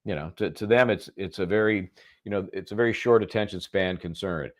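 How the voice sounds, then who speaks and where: Male legal commentator, low voice, dry sarcasm, easy conversational delivery. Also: a little fast.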